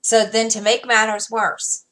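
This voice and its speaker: A woman's voice: a little high, little pitch movement, measured pace, fairly bright tone. A woman in her thirties, a mother casually telling a story at home, rambling with fillers and restarts and acting out what she and her son said. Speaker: crafting vlogger.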